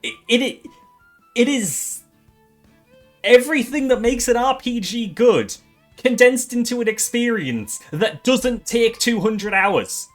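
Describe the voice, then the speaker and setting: Brief: male streamer presenting game awards, animated swings in pitch, faint music underneath. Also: slow. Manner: excitable, swears, stumbles and restarts.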